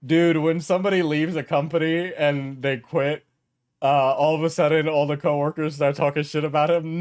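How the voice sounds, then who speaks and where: A man's voice: fairly high pitch, fairly even intonation, normal speed, a little mellow, clear, resonant tone. A male streamer riffs through casual reaction commentary in a slightly raised voice. He swears freely, lays on the sarcasm, and laughs between his points. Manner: sarcastic, crude, laughing often.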